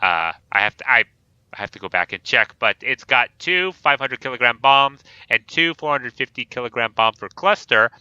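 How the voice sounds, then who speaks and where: A man's voice: mid-range voice, expressive, moderate pace, sharp tone, clear, resonant tone, no room sound. A man hosting a casual gaming chat, easygoing and joking as he talks through game units. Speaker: host. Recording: dull lo-fi dry mic.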